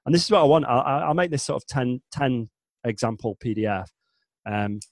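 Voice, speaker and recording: Speaking as an interview guest, this Northern English man in his forties, a chatbot developer, talks casually and rambles, frequently restarting and self-correcting. His voice sits at medium pitch and is a little mellow, recorded with no room sound.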